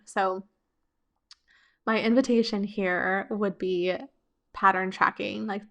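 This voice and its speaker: Gentle woman giving relationship advice. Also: mid-range voice, gravelly. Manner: gentle, coaching, frequent "like" fillers. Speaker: podcast host answering listener questions.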